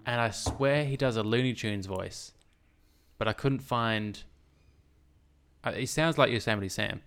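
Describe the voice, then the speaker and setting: A man's voice: medium pitch, unhurried, a bit bright, smooth. A man co-hosting a casual film chat, dry and teasing in his comments. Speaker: podcast co-host. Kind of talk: casual chat about films.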